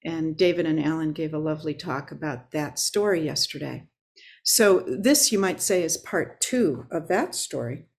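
A woman Zen teacher giving a dharma talk, unhurried and reflective, pausing often on filler sounds. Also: low-pitched, a little mellow.

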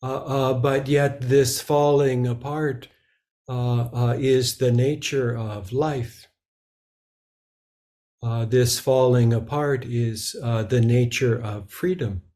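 A man giving a Zen dharma talk, slow and halting, with many filler sounds between phrases. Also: mid-range voice, steady tone, mellow. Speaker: Zen teacher.

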